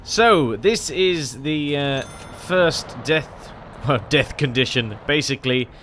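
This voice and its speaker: A man's voice: mid-range voice, lively intonation, slow pace, a bit bright, a little hiss or hum. A man giving casual game commentary, chatty and self-deprecating, often breaking into exclamations. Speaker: gaming channel host.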